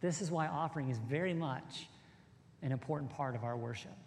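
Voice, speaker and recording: A man's voice: fairly high pitch, a little fast, slight background noise. A man who is a pastor, preaching emphatically with repeated phrases and rhetorical questions to his congregation. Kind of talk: sermon with interview. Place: large church sanctuary with congregation. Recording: reverberant hall, audience present.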